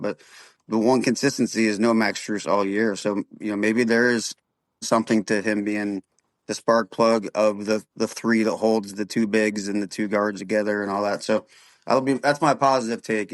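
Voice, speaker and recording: A man appearing as a podcast guest in casual sports chat, analytical and hedging, looking for the upside. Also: on the low side.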